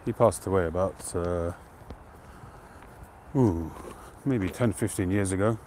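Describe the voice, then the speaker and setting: A man hosting a live stream outdoors, chatting to viewers in a relaxed, rambling way and greeting them by name. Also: low-pitched, slow pace, pauses often, slight background noise. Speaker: pipe-smoking livestream host. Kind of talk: casual live-stream chat.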